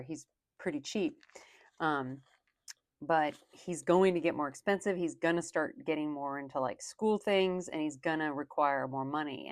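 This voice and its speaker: A woman's voice: lowish voice, no room sound, studio quality. A young woman and working mom chatting casually while counting cash for her budget, rambling with lots of "like".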